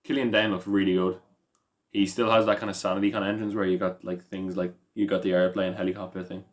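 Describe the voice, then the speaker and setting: A man's voice: deep voice, little pitch movement, quick pace. A tired Irish man co-hosting a podcast, rambling and stumbling through recaps in casual chat. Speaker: podcast co-host.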